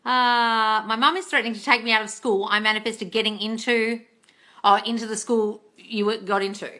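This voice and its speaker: A woman's voice: fairly high pitch, steady tone, normal speed, sharp tone. A woman hosting a casual phone livestream from her new apartment, chatty, reading comments aloud and calling viewers darling. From Australia. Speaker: manifesting coach hosting a livestream. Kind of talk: casual livestream chat and advice.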